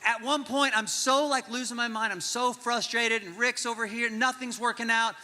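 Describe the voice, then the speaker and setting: A man's voice: extremely high pitch, moderate pace. A man in his forties preaching a sermon, telling a funny story with lots of energy and acting out the voices of the people in it. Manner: animated, jokey, acts out voices in his stories. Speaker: pastor. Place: large church auditorium. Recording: long hall reverb.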